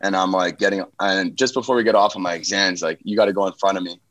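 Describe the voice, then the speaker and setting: A man's voice: deep voice, fairly even intonation, fast talker, fairly bright tone. A man from Canada, a hockey player guest, telling easygoing, self-mocking stories in casual interview chat.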